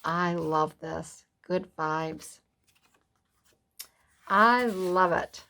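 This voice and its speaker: Slow, low-voiced admiring woman. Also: gravelly. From USA. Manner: gushing, softly admiring. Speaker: craft vlogger. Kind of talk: casual craft flip-through.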